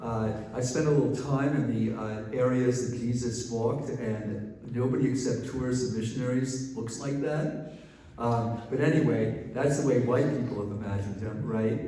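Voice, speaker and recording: A man's voice: medium pitch, moderate pace, dark tone. Man telling a story in an echoey hall. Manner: conversational, frequent "right?" asides. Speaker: professor giving a talk. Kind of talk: storytelling lecture. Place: large hall. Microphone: distant mic. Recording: echoey hall from a distance, faint ambience.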